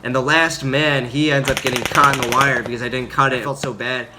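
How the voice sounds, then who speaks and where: A young man telling a story about his time as a Marine in a casual, rambling way, full of fillers and loud acted-out quotes. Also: medium pitch, steady tone, a little fast. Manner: rambling, filler-heavy, acts out quotes loudly. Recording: audible background noise.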